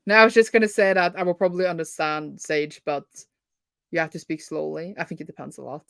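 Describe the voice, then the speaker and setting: A chatty, giggly woman with a Norwegian Bergen accent talks in a casual chat over a video call. Her voice sits a little low, and the sound is close and dry, with no room around it. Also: steady tone, fast, creaky, no echo. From Norway. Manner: chatty, giggly, lots of fillers. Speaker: booktuber co-host. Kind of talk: casual chat on a reading stream.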